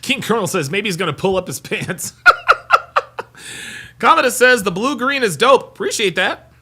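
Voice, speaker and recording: A man's voice: sits high, lively intonation, normal speed, bright, forceful tone, a little hiss or hum. A man hosting a live podcast, reacting casually and reading viewer comments aloud. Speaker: podcast host.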